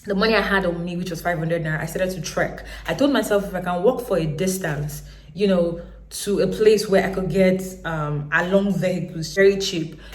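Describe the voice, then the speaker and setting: A Nigerian woman in her thirties, telling her own story to camera in a lively way. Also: fairly low pitch, moderate pace, roomy sound. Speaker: business owner.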